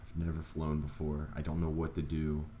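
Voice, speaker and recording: A man's voice: rumbling low, completely flat delivery, normal speed, dark tone, echoey room, a little hiss or hum. A man vlogger earnestly telling a personal story, acting out his own reactions along the way. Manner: earnest, retelling events with quoted reactions.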